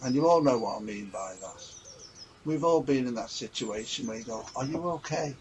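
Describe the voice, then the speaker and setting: A man's voice: medium pitch, moderate pace, a little mellow, muffled recording. A man talking earnestly and a little ramblingly in a casual reflective vlog. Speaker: vlogger.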